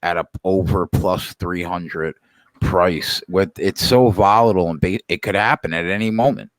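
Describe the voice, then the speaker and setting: A man's voice: sits low, fairly even intonation, moderate pace, dry recording. A man co-hosting a casual betting podcast who talks in a blunt, wry way. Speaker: podcast co-host.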